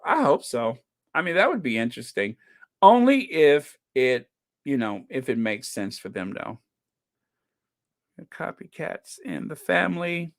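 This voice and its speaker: A man's voice: a little high, big pitch swings, measured pace. Chatty male commentary host. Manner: chatty, opinionated, mocking exclamations. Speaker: channel host. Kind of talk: casual commentary reading viewer comments.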